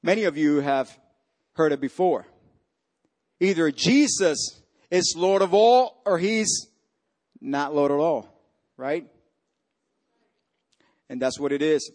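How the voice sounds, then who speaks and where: A man preaching a sermon as pastor, swinging from loud, rising peaks to hushed, quiet lines. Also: a little high, expressive, slow pace, long pauses.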